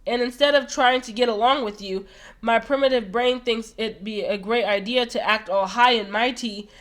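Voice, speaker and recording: Woman voicing a nervous young man from a romance game, prickly but shy, earnest, halting, fairly high voice. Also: close to an everyday voice.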